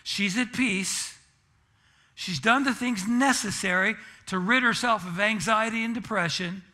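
A man's voice: sits high, unhurried, bright, forceful tone. A pastor preaching a sermon in church and telling a self-deprecating, humorous story about his family.

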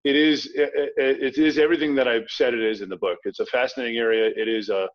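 Quick, restart-prone man on a lo-fi line. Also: medium pitch, fairly even intonation. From Virginia. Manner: quick, anecdotal, frequent restarts. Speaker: author guest. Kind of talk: casual interview chat. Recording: dull lo-fi sound.

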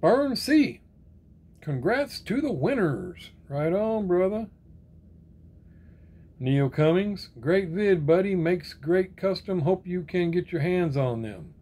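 A man's voice: high voice, animated, slow, pauses often, mellow, breathy edge. A man chatting casually as he reads out viewer comments, rambling and answering each with friendly sign-offs. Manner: laid-back, rambling, reads comment names then answers; repeats friendly sign-offs like "right on, brother". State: sore arm and shoulder. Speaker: diecast collector reading viewer comments. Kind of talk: casual chat.

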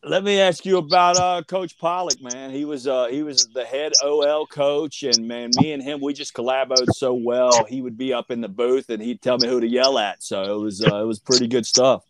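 A man's voice: mid-range voice, steady tone, normal speed, hardly any pauses, crowd noise. A man interviewing a former teammate, asking rambling questions about old coaches and laughing often. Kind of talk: casual interview.

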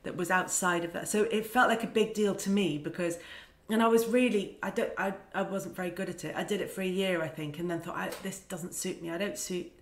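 A woman's voice: lowish voice, fairly quick. A woman from the UK, a sports presenter, speaking as a podcast guest in a thoughtful, self-deprecating way. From United Kingdom. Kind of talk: casual interview chat. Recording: roomy echo.

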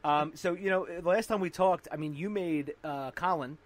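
A man's voice: on the high side, normal speed. A man hosting a podcast, bantering and laughing with his guest. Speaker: podcast host. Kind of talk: casual podcast interview.

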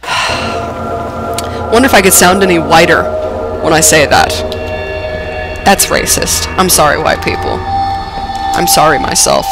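A woman commenting on her gameplay, her voice lowered and rough from being sick with a dry cough; excitable, swearing and laughing at herself. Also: takes it slowly, long pauses, over loud music, low-quality recording. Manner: excitable, swears and laughs often, self-mocking. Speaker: let's play gamer.

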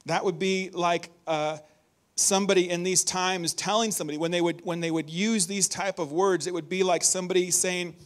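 A man preaching a conversational, animated sermon in a church, reading scripture and acting out warnings. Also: high voice, moderate pace.

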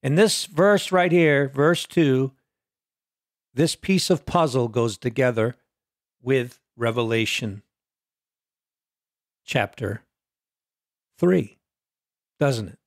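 A man preaching a sermon, swinging between loud peaks and quiet low lines and asking the listeners question after question. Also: slow pace, pauses often, no room sound, clean studio sound.

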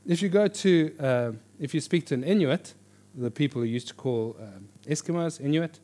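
A man teaching a church class on reading the Bible, in a lively, joking conversational way. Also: on the high side, moderate pace. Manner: animated, jokey, with lively quoted voices. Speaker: pastor teaching a Bible course. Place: church hall before an audience.

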